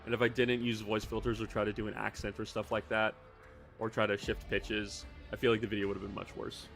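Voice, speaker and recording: A man's voice: fairly low pitch, flat delivery, a little fast, creaky, fairly bright tone, faint music behind. A man streaming casually from his hobby room, rambling, swearing now and then and reading out chat messages.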